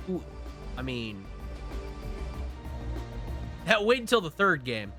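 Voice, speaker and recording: A man riffs on the game as he plays, cracking jokes and swearing when excited. His voice is bright and fairly high, with a lively, bouncing delivery. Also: slow pace, pauses often, faint music behind. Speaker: streamer playing a game. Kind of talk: casual gameplay commentary.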